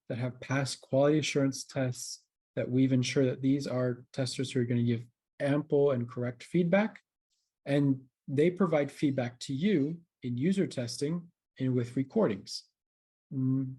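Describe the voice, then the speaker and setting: A man's voice: mid-range voice, warm tone, breathy edge. A man hosting a live webinar, talking straight to the audience in an upbeat way over a video call mic. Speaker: webinar host.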